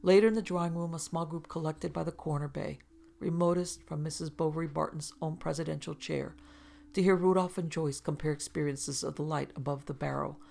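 A woman narrating a classic novel in a measured, even reading voice. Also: sits low, vocal fry. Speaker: audiobook narrator.

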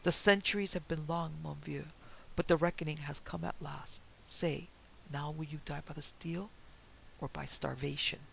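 Man playing a French detective, mocking lilt, French accent, gravelly, flat delivery, faint hiss. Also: on the high side, moderate pace, poor audio. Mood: taunting. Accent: French, put on. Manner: mocking, upward lilting delivery. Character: dapper little French detective, mocking and nonchalant.

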